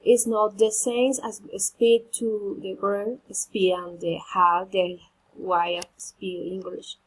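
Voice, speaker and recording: A woman teaching English pronunciation, slowly drilling word stress one word at a time. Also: medium pitch, flat delivery, slight background noise, poor audio. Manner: slow, deliberate, stressing each drilled word.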